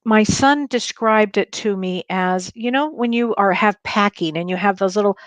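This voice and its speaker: A female co-host tells a story on a livestream in an earnest, eager way. Her voice sits at an ordinary middle pitch. The sound is dry and close, with no room echo. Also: moderate pace. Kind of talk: casual chat on a livestream show.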